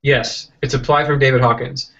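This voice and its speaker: A man tells a story in an interview, animated and rambling, often restarting and acting out quotes. His voice sits at a middling pitch. The sound is dull and lo-fi, like a video call. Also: normal speed, creaky. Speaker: interview guest, software entrepreneur.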